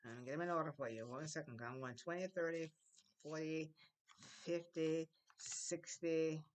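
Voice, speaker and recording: A woman teaching a children's Spanish class, slowly modeling phrases for the class to repeat and coaxing them along. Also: low-pitched, steady tone, darkish tone. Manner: coaxing and encouraging.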